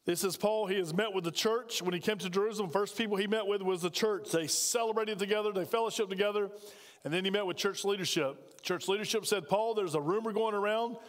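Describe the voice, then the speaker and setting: A man's voice: sits high, a little fast, long reverb tail. A man preaching a sermon as pastor, speaking conversationally and putting questions to the congregation. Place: church sanctuary.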